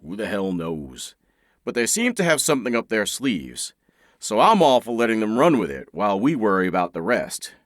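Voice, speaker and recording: A man's voice: on the low side, very animated, normal speed, no room sound, clean studio sound. A male audiobook narrator voicing a teasing young adult brother who goads and jokes. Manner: teasing, goading.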